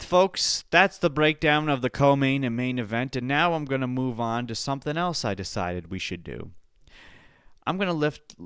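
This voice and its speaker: A man's voice: mid-range voice, fairly bright tone, smooth, dry recording, studio quality. A young man hosting a podcast, breaking down fights in a loose, profane, chatty way. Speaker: podcast host.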